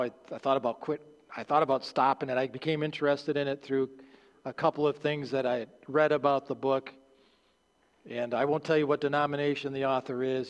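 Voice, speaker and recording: A male pastor preaching a sermon, earnest and halting, restarting phrases and dropping low at the ends of lines. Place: church sanctuary. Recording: long hall reverb.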